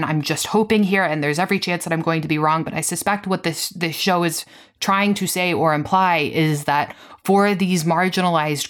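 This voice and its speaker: Deep-voiced woman, podcast co-host, impassioned and analytical. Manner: passionate, analytical, restarts often. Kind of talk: casual chat.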